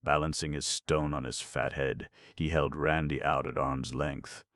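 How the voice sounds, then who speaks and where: A man narrating a children's fantasy audiobook in a steady storytelling manner. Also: extremely low pitch, measured pace, no room sound, studio quality. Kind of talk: scripted narration.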